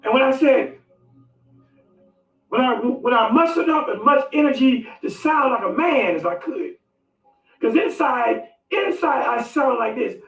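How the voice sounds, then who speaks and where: A man vlogging, telling a comic personal story with dramatic swings between loud outbursts and hushed asides. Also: very high-pitched, animated, measured pace, vocal fry. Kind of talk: animated storytelling monologue. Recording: echoey room, distant mic, faint music.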